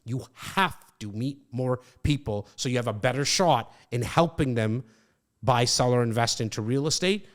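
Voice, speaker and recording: A man's voice: mid-range voice, normal speed. A man giving blunt sales coaching, acting out both sides of a phone booking call and repeating key points for emphasis. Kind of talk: coaching monologue with role-played calls.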